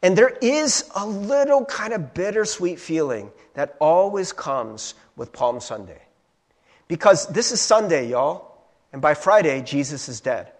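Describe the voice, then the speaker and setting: A man preaching a sermon as a pastor, animated, acting out crowd voices and asking rhetorical questions. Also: on the high side, unhurried.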